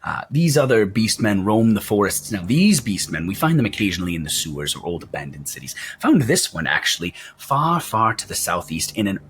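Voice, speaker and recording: A man's voice: lowish voice, sing-song, a little fast, few pauses, a bit bright, a little hiss or hum. A man voicing a theatrical male carnival showman who presents his exhibits with grand flourishes. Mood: boastful.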